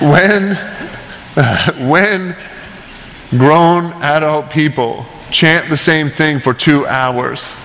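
A man's voice: mid-range voice, fairly bright tone, a little hiss or hum. Chatty male pastor in echoing hall. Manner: chatty, self-deprecating asides with frequent "right?" and "like". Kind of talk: casual conversational sermon.

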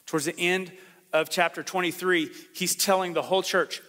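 A man preaching a sermon as a pastor, talking in a conversational, animated way and acting out the voices he quotes. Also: high voice, normal speed. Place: church sanctuary. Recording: long hall reverb.

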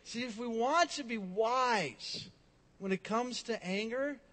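A male pastor preaching a sermon, telling a personal story and swinging between loud emphasis and quiet, drawn-out asides. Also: extremely high pitch, long reverb tail.

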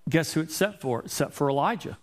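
Higher-voiced man preaching emphatically. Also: animated, quick pace. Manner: emphatic preaching with rhetorical questions. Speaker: pastor. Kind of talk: sermon with scripture reading.

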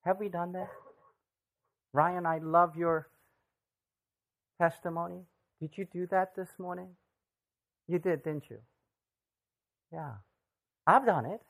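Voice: medium pitch, takes it slowly, creaky, long pauses. A preacher giving a sermon in a conversational way, often putting direct questions to the listeners. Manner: lively, asks the audience direct questions; conversational, acts out scripture voices.

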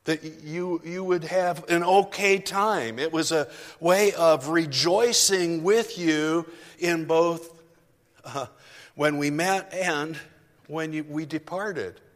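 Slow-paced and a little high in pitch, a male pastor addresses his congregation from a church sanctuary. The sermon is chatty and self-deprecating with many asides, carried by the long reverb of the hall.

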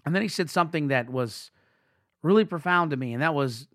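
A man's voice: fairly high pitch, lively intonation, brisk, a bit bright, no echo, clean studio sound. A young man hosting a podcast, telling a self-mocking everyday story in a chatty, storytelling way. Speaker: podcast host.

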